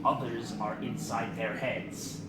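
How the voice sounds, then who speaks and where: A man's voice: medium pitch, fairly even intonation, slow. A man playing in a tabletop game, earnest and insistent. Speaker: player. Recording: echoey room, loud noise.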